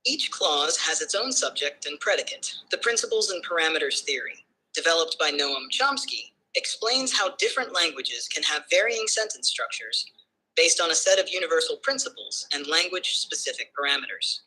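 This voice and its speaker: A male-sounding AI voice assistant giving measured, smooth explanations. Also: on the high side, very animated, sharp tone, rough recording. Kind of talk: explanatory answers.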